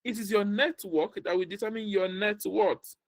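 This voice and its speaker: A man with a Nigerian accent coaches job seekers over a video call, in a direct, repetitive and animated way. His voice sits fairly high, and the sound is close and dry. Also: normal speed, no room sound, poor audio. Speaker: career coach. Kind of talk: online training session.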